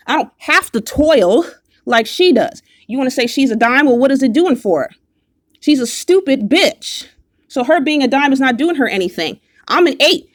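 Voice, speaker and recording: Casting: young woman, fairly high voice, furious mocking rant, dry close mic. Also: no room sound. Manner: confrontational, profane, mocking. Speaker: vlogger. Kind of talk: angry direct-to-camera rant.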